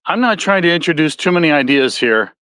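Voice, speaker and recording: A man's voice: a little high, lively intonation, a little fast, sharp tone, clear, resonant tone, no echo. A man with a Midwestern accent hosting a solo podcast, talking casually in a rambling, folksy way that often corrects itself. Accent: Midwestern American. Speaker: podcast host.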